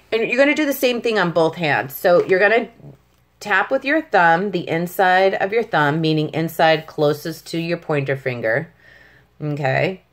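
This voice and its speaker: Woman, tapping instructor, slightly low voice, patient, checks in often. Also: expressive, normal speed. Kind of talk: step-by-step demonstration lesson.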